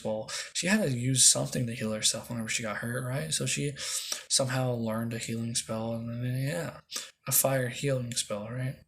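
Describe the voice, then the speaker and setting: A young man tells a made-up anime story off the cuff, rambling and slangy, with plenty of fillers and restarts along the way. His voice sits at an ordinary middle pitch. Faint noise hums behind him. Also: fairly bright tone. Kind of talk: casual improvised fan-fiction retelling.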